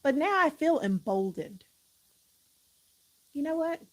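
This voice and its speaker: A woman's voice: high-pitched, very animated, takes it slowly, rough recording. A woman hosting a live stream, chatting casually and animatedly, often breaking into laughter.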